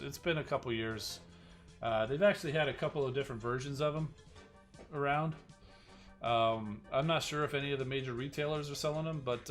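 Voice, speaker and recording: A man hosting a game live stream, chatting casually and rambling, often restarting his sentences and answering viewers. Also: medium pitch. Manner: rambling, with many restarts and asides to chat.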